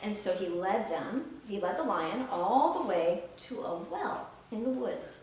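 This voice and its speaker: A woman leading a church service who tells a children's story, asks the children lively questions, and then announces the offering. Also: medium pitch, measured pace, a little hiss or hum. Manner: animated, coaxing questions to children. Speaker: worship leader telling a children's story. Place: church sanctuary. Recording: echoey sanctuary from far off.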